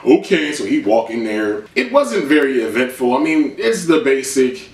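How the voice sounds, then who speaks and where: A man's voice: mid-range voice, big pitch swings, normal speed, few pauses. A man giving a blunt, sarcastic, profane comedic recap of a TV episode. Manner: loose, blunt and sarcastic, swears freely. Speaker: TV recap vlogger. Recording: roomy room, distant mic.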